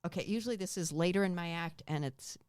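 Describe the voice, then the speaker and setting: A middle-aged comedian woman with a fairly low voice, trading wisecracks and quick self-mocking asides. Her stories land in punchy bursts. The sound is close and dry, with no room ring. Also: a little mellow, clean tone, no echo. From Brockton, Massachusetts. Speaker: comedian guest. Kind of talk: comic storytelling in a chat.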